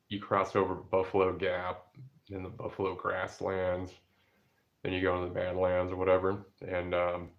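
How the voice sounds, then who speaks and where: Low, flat-voiced rambling outdoorsman. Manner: rambling, lots of fillers and restarts. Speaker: outdoor vlogger. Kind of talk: casual rambling chat. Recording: dull lo-fi recording.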